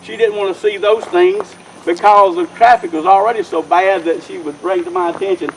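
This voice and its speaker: A man with a fairly high voice delivers a rambling, folksy dedication speech as mayor. He talks outdoors at a park ceremony, repeating himself and circling back to his point. Faint outdoor noise and passing vehicles sit under his voice. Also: steady tone, brisk, low-quality recording. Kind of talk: informal public speech.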